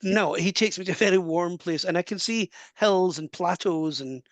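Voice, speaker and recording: A man's voice: high-pitched, no room sound. Scottish man giving a reading. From Scotland. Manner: warm, earnest, relays messages with quick asides and laughs. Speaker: medium. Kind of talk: live mediumship reading.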